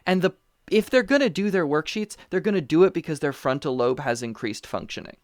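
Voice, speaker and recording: Casting note: animated conversational guest on a remote call, mid-pitched, dry close sound, restless and rambling. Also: a little fast, no echo. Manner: animated storyteller, frequent fillers and restarts. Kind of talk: casual conversational chat. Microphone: remote call mic.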